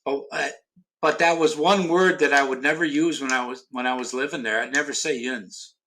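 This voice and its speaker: A man's voice: mid-range voice, fairly even intonation, brisk, sharp tone, slight background noise. A middle-aged man from Ohio in casual chat, rambling with many restarts and fillers and casual swearing. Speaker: podcast host.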